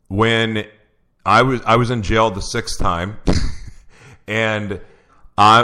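A man's voice: lowish voice, bright, forceful tone, clean tone. A man who is a guest on an interview show, telling a personal story in an earnest way, with many restarts. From Oklahoma.

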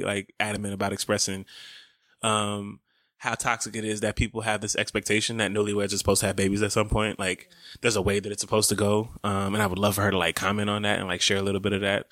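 A playful man co-hosting a casual podcast, joking and easygoing. His voice is bright and forward, recorded dry and close. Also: on the low side, steady tone, quick pace, dry recording. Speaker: podcast co-host. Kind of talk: casual chat.

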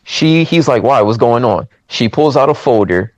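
With a mid-range voice and a moderate pace, a man on a movie recap podcast casually walks through a film's story. He tells it in an animated way, performing the characters' dialogue himself, and there's no echo in the recording.

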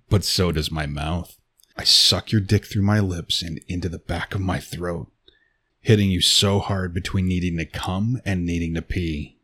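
A man telling an intimate second-person erotic story, with a slow, teasing delivery into a close mic. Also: low-pitched, breathy edge.

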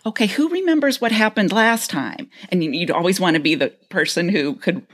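Lower-voiced, expressive woman podcaster. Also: brisk. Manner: reflective, relaxed recollection with fillers. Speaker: podcast co-host. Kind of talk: casual chat.

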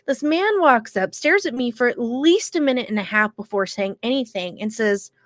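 A woman co-hosting a podcast, still congested from illness, telling an animated story with casual swearing. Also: a little high, moderate pace, hardly any pauses, no room sound. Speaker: podcast co-host.

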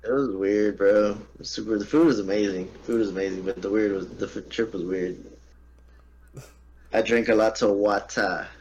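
A man's voice: on the low side, fairly even intonation, moderate pace, a little mellow, muffled recording, slight background noise. A man from Texas on a gaming podcast, chatting casually and telling a funny story, laughing and swearing as he goes. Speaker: podcast co-host. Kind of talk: casual chat.

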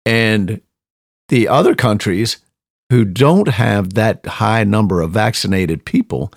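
A man's voice: on the low side, animated, slow pace, creaky, dry recording, studio quality. A man hosting a show, giving emphatic casual commentary and often repeating and restarting words. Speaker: show host.

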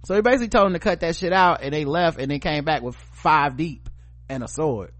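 A man's voice: on the high side, fairly quick, a bit bright, dry recording. A man hosting a podcast, reading news stories aloud and joking around with crude, casual talk. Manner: joking, profane, laughs often. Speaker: podcast host.

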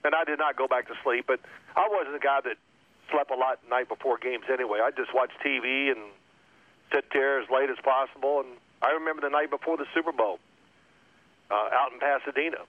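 A man in his sixties telling stories in a casual, animated way and acting out quotes in other voices. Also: mid-range voice, a little fast, no room sound. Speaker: guest, former pro quarterback. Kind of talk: casual storytelling. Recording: phone-like line.

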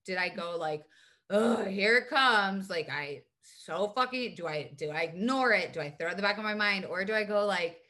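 A woman's voice: lowish voice, a little fast, hardly any pauses. A woman speaking as a podcast guest, telling candid personal stories in casual, profane conversation. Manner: candid, profane, animated storytelling.

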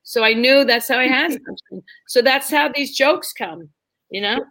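A woman's voice: high-pitched, moderate pace, rough recording. A middle-aged woman, a stand-up comedian, telling a story casually and acting out the people in it. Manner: animated, acts out quotes in the story.

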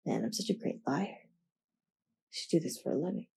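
Brief: offhand, sleepy triangle wanderer, as a woman puts it on, deep and gravelly. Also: expressive, moderate pace, dark tone, exaggerated voice. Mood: casual. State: half asleep. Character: wisecracking non-binary triangle wanderer.

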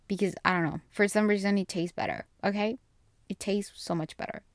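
Young woman, podcast host, casual chat, rambling, smooth voice, dry close sound. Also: mid-range voice, fairly even intonation, no room sound. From Colombia. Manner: chatty, rambling, answers quick this-or-that questions.

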